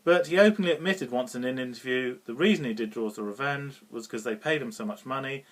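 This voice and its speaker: A man's voice: mid-range voice, quick pace. A British man giving a casual, rambling film review, often chuckling and restarting his sentences. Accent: British English. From Britain.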